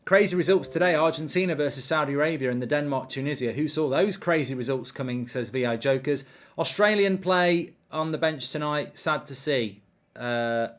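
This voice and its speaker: Rambling man hosting a football watchalong. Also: medium pitch. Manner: rambling, many ums, reads chat comments aloud. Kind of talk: casual live-stream chat.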